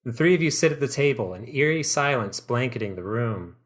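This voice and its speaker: Sex: man. Style: deadpan comic storyteller. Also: mid-range voice, a little fast. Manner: dry, deadpan reading that breaks into laughs. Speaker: podcast host and storyteller. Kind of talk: second-person comedic story narration.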